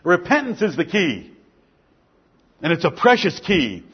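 High-voiced, husky male preacher. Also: huge pitch swings, measured pace, lo-fi sound. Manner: fervent, emphatic repetition. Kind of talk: sermon.

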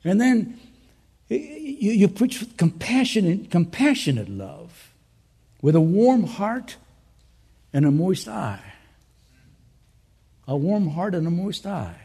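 A male pastor preaching a conference sermon to fellow pastors, swinging between loud urging and soft earnest asides, with joking conversational remarks. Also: sits high, sing-song, slow, pauses often, husky.

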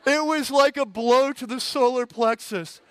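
High-voiced, animated male preacher. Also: a little slow, smooth, no echo. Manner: animated comic storytelling. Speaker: pastor. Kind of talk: sermon.

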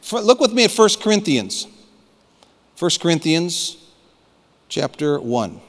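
A man preaching with fervent, emphatic insistence, his voice sitting a little high. The sound rings with the long reverb of a church hall. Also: very animated, slow. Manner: fervent, emphatic preaching with repeated calls to listen. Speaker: pastor. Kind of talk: sermon.

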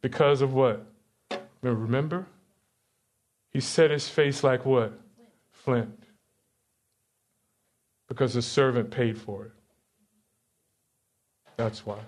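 A man's voice: mid-range voice, fairly even intonation, takes it slowly, long pauses, a little mellow. A man preaching a sermon as pastor, reading verses aloud and putting questions to his congregation. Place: church sanctuary.

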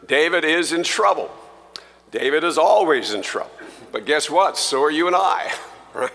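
A man preaching a sermon as pastor, slow and emphatic, rising in force when he quotes scripture. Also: fairly high pitch, expressive, bright, forceful tone. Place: church sanctuary. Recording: long church reverb.

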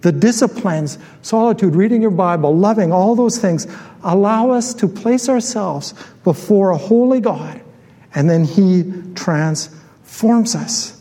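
A man's voice: high voice, a little slow, dark tone. A middle-aged man preaching a sermon in a church, conversational, with many fillers and restarts, often asking the congregation questions. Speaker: pastor. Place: church hall. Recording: live church hall with long reverb.

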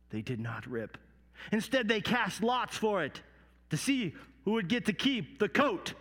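A man telling a Bible story in the first person, slow and solemn, rising to loud cries at the quoted lines, recorded in a large reverberant hall. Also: sits high. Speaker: dramatic storyteller.

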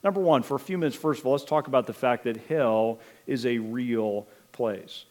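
A middle-aged man preaching a sermon as pastor, in an earnest, measured way with some hesitant fillers. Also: mid-range voice, a little mellow.

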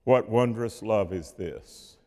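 A man preaching a sermon in a measured, rhetorical way, with dramatic pauses and dips in volume. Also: lowish voice, dark tone. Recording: long hall reverb.

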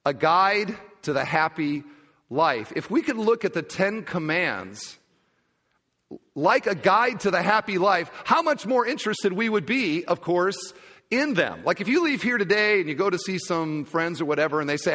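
Male pastor, animated preacher, slightly high and lively voice, church hall with a long echo. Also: moderate pace. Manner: animated, acts out little dialogues. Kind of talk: sermon. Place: church sanctuary.

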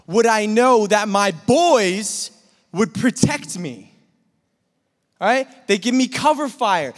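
A man telling a lively personal story in a sermon, sometimes imitating gunfire and shouting. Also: very high-pitched. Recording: long reverb of a hall.

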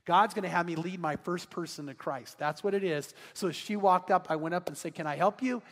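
A male pastor telling a story during a sermon, acting out the dialogue with animated delivery. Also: high-pitched, brisk. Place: large church sanctuary. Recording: church hall reverb.

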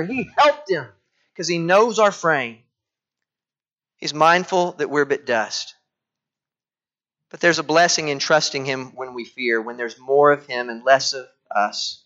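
A middle-aged man preaching a sermon, dropping to quiet tones and rising again as he acts out voices from the text. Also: fairly high pitch, a little slow. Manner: dramatic shifts from quiet to loud, acting out quoted voices. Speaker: pastor. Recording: dull lo-fi sound.

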